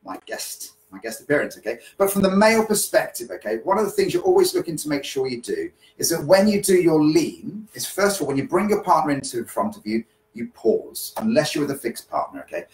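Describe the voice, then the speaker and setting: A man's voice: fairly high pitch, very animated, brisk, hardly any pauses, rough recording. A man teaching partner dancing in a podcast, talking casually and asking "okay?" often as he explains. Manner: chatty, repeats "okay?" to check in. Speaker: dance teacher. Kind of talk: live-streamed dance lesson podcast.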